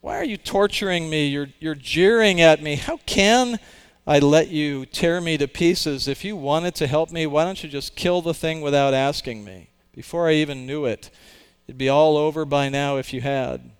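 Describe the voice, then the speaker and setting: A frightened, tormented ghost of a man, as a male reader puts him on, pleading loudly in a raised, strained voice. The tone stays smooth and resonant under the agitation. It is a storybook figure read aloud within a sermon. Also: fairly high pitch, unhurried, in a large hall, pitched above the performer's own voice.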